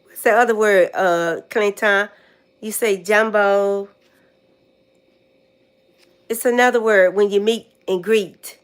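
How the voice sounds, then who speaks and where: A woman's voice: medium pitch, fairly even intonation, slow pace, long pauses, smooth. An older American woman chatting casually on a livestream. She repeats words to herself while she tries to remember them. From United States. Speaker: vlogger.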